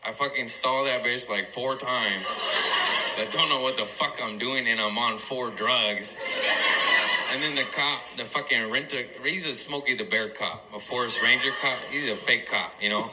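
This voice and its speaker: A man's voice: medium pitch, normal speed, heavy background noise. A man doing stand-up, telling a rambling, profane story and laughing through it, played as a clip on a radio show. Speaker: stand-up comedian.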